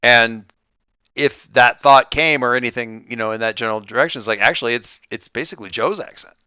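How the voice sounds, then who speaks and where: A man running a tabletop game, thinking aloud with many halting restarts. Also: mid-range voice, bright, forceful tone, smooth, no room sound, clean studio sound. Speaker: game master.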